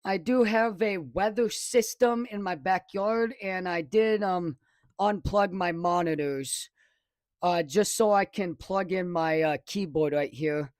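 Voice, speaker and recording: Excitable high-voiced man streaming the weather. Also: slow, dry recording. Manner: rambling, self-correcting, excitable. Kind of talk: casual live weather stream commentary. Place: home live stream studio. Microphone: desk microphone, close.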